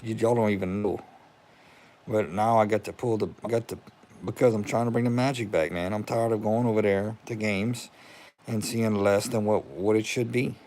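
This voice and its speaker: A man's voice: on the low side, a little hiss or hum. A young man chatting casually on a livestream at home, greeting viewers by name. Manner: excited, talks to viewers by name, relieved. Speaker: livestream host. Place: home room with TV.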